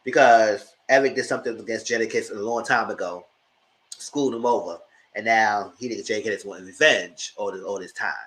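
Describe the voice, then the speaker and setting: A man hosting a channel, recapping TV episodes in casual, gossipy commentary, swearing freely and jumping into squealed exclamations. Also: fairly quick. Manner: animated, gossipy retelling with frequent swearing; breaks into high squealing exclamations. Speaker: TV show reviewer and channel host.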